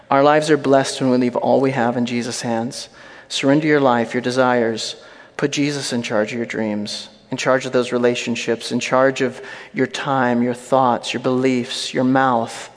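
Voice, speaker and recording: Brief: mid-pitched male pastor, emphatic and repetitive, playful asides, long reverb from a church hall. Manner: humorous asides. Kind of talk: sermon.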